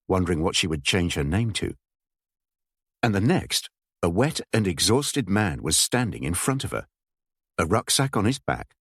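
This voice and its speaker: A male narrator reads a wartime thriller in a very deep voice that rises and falls with expression. The recording is close and completely dry, with no room sound. His delivery is measured and steady. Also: no room sound. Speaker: audiobook narrator. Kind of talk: scripted narration.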